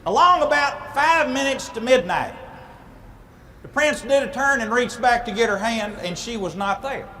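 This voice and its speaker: A man telling a comic story to a live audience in a folksy, animated way, with sound effects. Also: very high-pitched, moderate pace, big-room sound.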